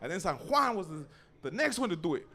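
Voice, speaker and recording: A young man spins a profane comic story at a small cafe open mic. His voice sits high and swings wildly in pitch as he acts out characters and bursts into shouts. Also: sing-song, quick pace.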